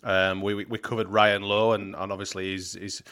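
Deep-voiced man. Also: little pitch movement, normal speed, bright, forceful tone, clear, resonant tone. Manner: blunt, sweary, rambling. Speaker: podcast co-host. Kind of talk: casual football podcast chat.

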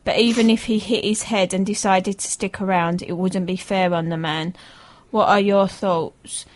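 Reading out emails from listeners, a female co-host of a football radio show chats with plenty of fillers, laughing and hesitating. She has a medium-pitched, steady voice at normal speed, with a little hiss or hum in the audio.

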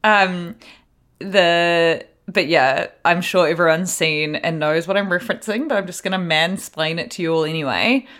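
A young woman from New Zealand co-hosting a podcast in casual chat, animated and laughing, often mimicking accents. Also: fairly low pitch, normal speed. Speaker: podcast co-host.

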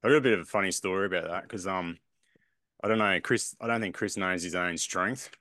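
A man hosting a podcast, chatting casually and telling animated stories with casual swearing. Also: deep voice, a little fast, no echo, studio quality. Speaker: podcast host. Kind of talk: casual chat.

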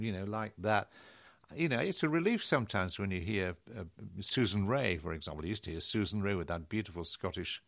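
A man hosting an interview in a brisk, opinionated way, his pitch jumping up when he presses a point. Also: dry recording, clean studio sound. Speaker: host. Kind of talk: conversational interview.

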